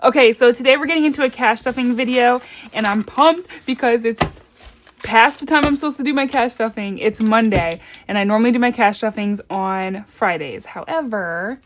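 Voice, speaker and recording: A woman chatting casually in her vlog, bubbly and excitable, gasping and squealing over packages. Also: on the high side, normal speed, a little hiss or hum. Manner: murmured counting of cash. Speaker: budgeting vlogger.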